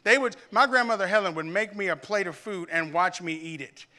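A pastor from Arkansas preaches a sermon in church, telling a personal story and building to loud, emphatic preaching. His voice is high-pitched and his delivery brisk.

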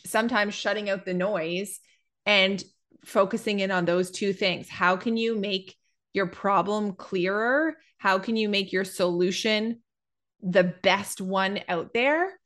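A woman speaking as a business coach in a casual podcast conversation, explaining in a measured, thoughtful way with pauses. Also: mid-range voice, fairly bright tone.

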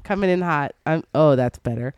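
A woman co-hosting a casual podcast chat, hoarse from a cold, teasing and joking with friends. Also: low voice, animated, a little mellow, dry recording, studio quality. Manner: playful, teasing, quick jokes. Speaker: podcast co-host.

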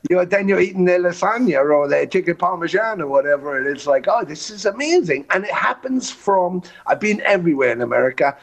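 This man's high-pitched, gravelly voice is expressive and brisk, with few pauses. A touring musician, he spins long road tales during a podcast conversation, cursing casually and performing the voices of anyone he quotes.

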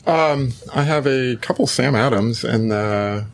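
A woman's voice: very deep voice, a little slow. A woman co-hosting a casual film podcast chat, easygoing and laughing along. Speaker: podcast co-host.

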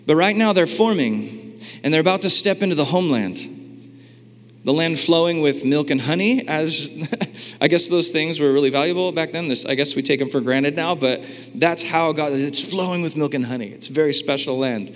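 Man, pastor, sermon, slightly high voice, animated and conversational, long hall reverb. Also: moderate pace. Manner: animated, conversational, asks the congregation questions.

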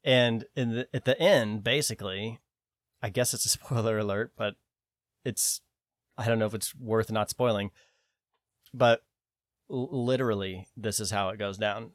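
A man co-hosting a podcast in casual chat, animated and sometimes breaking into shrill mocking voices. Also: moderate pace, pauses often, no room sound, clean studio sound. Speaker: podcast co-host.

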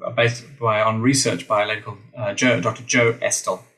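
A man's voice: lowish voice, steady tone, fairly quick, sharp tone, low-quality recording. A middle-aged Australian man, a voice teacher, talking animatedly in a podcast interview, with playful asides to the listeners. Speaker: guest, voice teacher.

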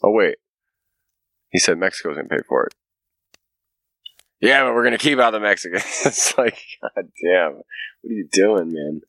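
A man's voice: low voice, animated, normal speed, pauses often, a bit bright, no room sound. A man hosting a podcast, talking in a profane, ranting casual chat. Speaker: podcast host.

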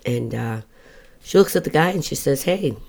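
A woman's voice: a bass voice, lively intonation, moderate pace, vocal fry, a little mellow. An older woman, a guest on a casual podcast, who tells crude jokes and stories bluntly and swears freely. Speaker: guest, host's mother.

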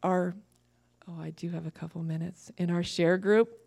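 A woman preaching a sermon to a church, lively and laughing at her own asides. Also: fairly low pitch, moderate pace, gravelly.

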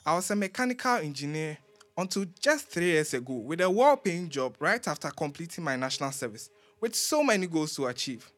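A man's voice: fairly high pitch, very animated, fairly quick, a bit bright, faint music behind. An actor playing an eager young man, chatty and fawning. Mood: earnest.

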